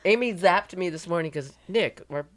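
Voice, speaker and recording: Female podcast co-host from the US, low and animated, chatty storyteller. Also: moderate pace, heavy background noise. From Bethesda, Maryland, USA. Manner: lively storyteller. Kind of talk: casual chat.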